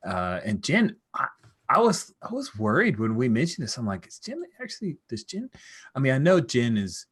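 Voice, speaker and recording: A man's voice: medium pitch, big pitch swings, normal speed, fairly bright tone, husky. A man chatting enthusiastically after a tabletop game, rambling and restarting his sentences. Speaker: streamer and player. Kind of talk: post-game wrap-up chat.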